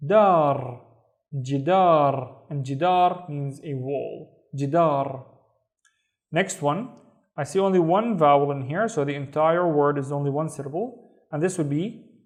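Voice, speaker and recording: Male Saudi-accented tutor; patient, unhurried delivery, higher-pitched voice, repeats each word for the learner. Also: a little mellow. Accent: Saudi Arabic. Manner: slow, careful, repeats words for pronunciation. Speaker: Arabic teacher. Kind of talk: online language lesson.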